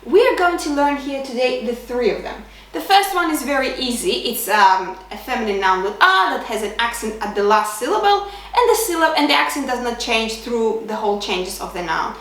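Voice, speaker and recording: A woman teaching a beginner language lesson, explaining patiently step by step and pausing to correct herself. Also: a little high, lively intonation, a bit bright. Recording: roomy echo, distant from the mic.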